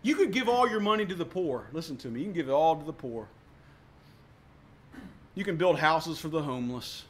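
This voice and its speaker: A man preaching a sermon as pastor, emphatic, with sharp swings between loud and soft, often repeating words for emphasis. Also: on the high side, animated, fairly quick, long pauses.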